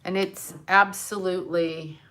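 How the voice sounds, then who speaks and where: A woman's voice: lowish voice, fairly even intonation, measured pace, fairly bright tone. An older woman, a grandmother, chatting casually and emotionally on a livestream, rambling and swearing now and then. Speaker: livestream host.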